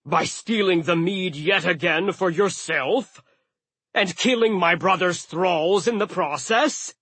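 A man voicing a vengeful male giant who speaks slowly and grimly. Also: high-pitched, fairly bright tone, slightly rough, dry recording, voice pushed up, exaggerated voice.

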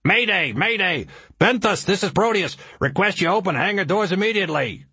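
A man's voice: medium pitch, lively intonation, a little fast, breathy edge, no room sound, voice pushed up. A man voicing a stubborn, brusque submarine pilot who swears under pressure. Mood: tense. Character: gruff male sub pilot, stubborn and profane. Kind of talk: audiobook character voice.

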